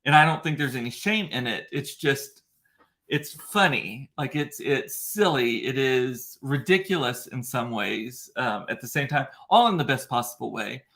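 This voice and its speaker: A man's voice: medium pitch, lively intonation, unhurried, fairly bright tone. Male livestream host, casual and rambling, chatty and emotional, speaking into a computer mic. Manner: rambling, emotional storyteller with frequent fillers and restarts. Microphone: computer mic in front of a ring light.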